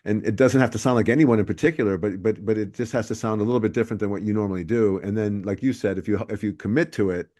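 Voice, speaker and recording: A man's voice: lowish voice, steady tone, fast, few pauses, a little mellow. Brief: male podcast co-host, easygoing and jokey, rambling delivery. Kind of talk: casual podcast conversation.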